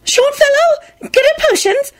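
A woman's voice: very high voice, a little slow, voice pushed up. A woman voicing a tiny, nervous old male professor who giggles as he talks.

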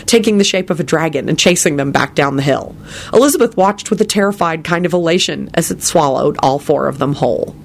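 A narrator reading a fantasy story aloud in an expressive storytelling manner. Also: medium pitch, fairly quick, creaky, slight background noise. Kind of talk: reading fan fiction aloud.

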